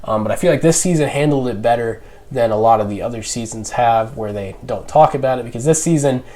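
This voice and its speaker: Young guy chatting thru a review, mid-pitched voice, lots of ums and restarts, pretty loose. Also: a little fast, dark tone. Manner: rambling, many fillers and restarts. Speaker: YouTube reviewer. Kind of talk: casual spoken review.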